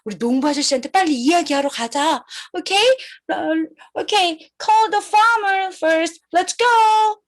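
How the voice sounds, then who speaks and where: A young woman kindergarten teacher, telling a farm-animal story to small children in an animated, sing-song way with exaggerated gasps. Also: very high-pitched, rapid-fire. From South Korea.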